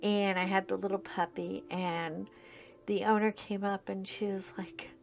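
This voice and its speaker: A woman chatting casually while she crafts, telling a long story in a rambling, animated way, full of fillers and restarts. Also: medium pitch, measured pace, creaky, faint music behind. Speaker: crafting channel host.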